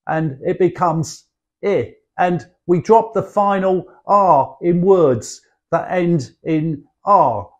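A man's voice: high voice, darkish tone, highs cut off. A man from London with a Cockney accent, a guest chatting in a friendly way and calling the host "love". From London, England. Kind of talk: explaining in a friendly chat.

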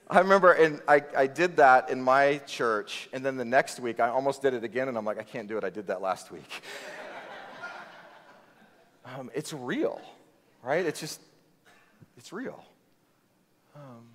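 A man's voice: on the high side, fairly bright tone. A man preaching a sermon as pastor, talking conversationally and telling stories with quoted voices. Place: church hall. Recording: long reverb of a church hall.

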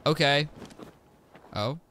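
A man streaming a video game, giving excitable, joking commentary as he plays. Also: a little high, extremely slow, a little hiss or hum. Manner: excitable, exclaims and jokes to himself. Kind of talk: live gameplay commentary.

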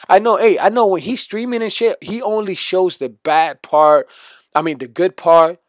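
A man's voice: high voice, normal speed, dry recording. A man doing a boastful, profane rant as gameplay commentary over a video game. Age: adult. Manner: boastful, profane, trash-talking. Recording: dull lo-fi dry recording.

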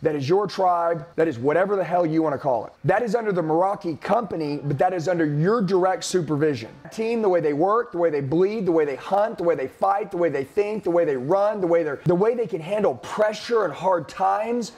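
A man's voice: sits high, brisk, few pauses, darkish tone. A man, a sales trainer giving an intense, repetitive motivational talk to his team.

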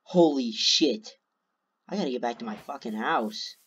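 Husky man swearing through his gameplay. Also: medium pitch, a little slow, fairly bright tone. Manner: swears constantly, talks to himself. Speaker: gamer. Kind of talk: let's play commentary.

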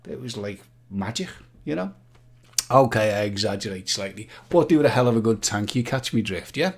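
A man's voice: lowish voice, lively intonation, a little fast, gravelly, husky. A man hosting a live-stream quiz, chatting playfully and joking with the viewers. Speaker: livestream quiz host.

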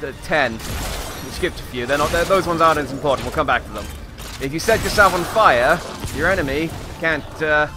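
A man's voice: a little high, moderate pace, over music, close to an everyday voice. A man putting on a hammy Australian accent to play a brash outback survival-guide bloke, full of slang, during gaming commentary. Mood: mock-instructive. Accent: put-on Australian. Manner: hammy, slang-heavy, exclaiming "crikey".

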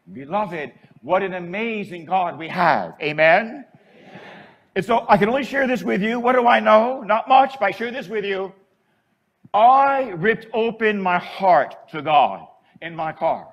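A man preaching as a priest, emotional, moving from hushed, soft lines to shouted passages. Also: sits high, slightly rough. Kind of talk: sermon.

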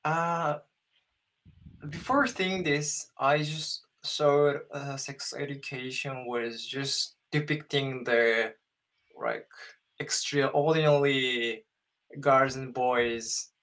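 A man's voice: medium pitch, fairly even intonation, slow, fairly bright tone. A man in his thirties from Japan with a Japanese accent, practicing English in a casual chat on a video call, hesitating often and searching for words. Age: 30s. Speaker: English learner.

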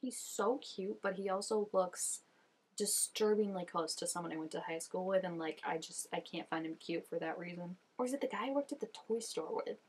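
Husky young woman chatting casually. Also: fairly low pitch, brisk. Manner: chatty, filler-heavy with constant "like". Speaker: reaction video host. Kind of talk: casual reaction commentary.

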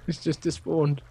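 A man joining a casual gaming session, matter-of-fact with quick quips. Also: high voice, slight background noise. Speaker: guest player.

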